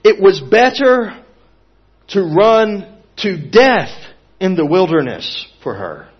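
Male preacher, earnest sermon delivery, emphatic to hushed, slightly high voice. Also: very animated, takes it slowly, breathy edge, muffled recording.

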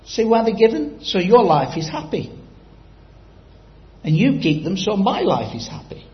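A man's voice: high-pitched, sing-song, measured pace, echoey room, dull audio. A man preaching a sermon, telling a story and quizzing the congregation directly.

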